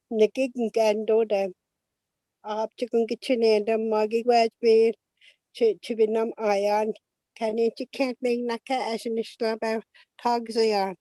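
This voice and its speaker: An older woman speaking slowly and gently with halting pauses, sharing a prayer on a video call. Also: on the high side, no echo. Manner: slow, gentle, halting speech. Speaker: guest elder. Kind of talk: prayer and blessing in a virtual event.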